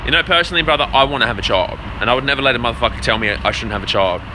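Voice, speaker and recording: A man's voice: medium pitch, rapid-fire, background noise. A man livestreaming a blunt, profane rant, answering his chat and stumbling over repeated words as he talks. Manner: repeats words while searching for them. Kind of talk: casual rant to a live audience.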